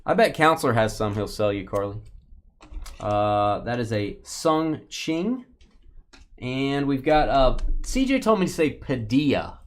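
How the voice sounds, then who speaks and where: Medium in pitch and steady in pace, this man runs a live stream of card openings. He trades casual jokes with those present and in the chat, his banter playful and full of lively swings.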